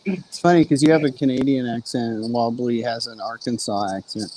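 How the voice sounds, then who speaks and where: A man's voice: medium pitch, brisk, warm tone, a little hiss or hum. A man in casual chat, curious and talkative, with lots of fillers. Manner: curious, chatty, hesitant with fillers.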